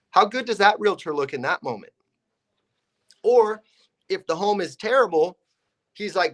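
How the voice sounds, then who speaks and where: A man's voice: high-pitched, moderate pace. Upbeat investor acting out his sales calls. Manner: energetic, acts out phone calls with realtors. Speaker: real estate investor and agent, guest. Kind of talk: casual podcast storytelling.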